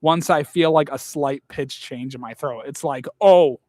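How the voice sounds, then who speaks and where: A man's voice: mid-range voice, steady tone, moderate pace, no echo, clean studio sound. A young man in casual chat, blunt and rambling, swearing often.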